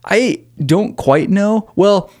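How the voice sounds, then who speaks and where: Male podcast co-host, wry and crude, lively intonation, dry close-miked sound. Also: high voice, slow, dry recording. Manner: wry, profane, chuckling asides. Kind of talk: casual chat.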